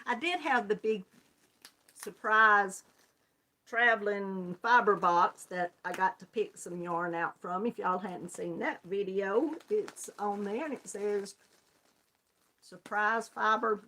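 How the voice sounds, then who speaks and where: Slow-talking, bright Southern woman. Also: medium pitch. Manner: chatty, affectionate, laughs often, calls viewers hon. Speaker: crochet channel host. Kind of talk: casual chat greeting viewers.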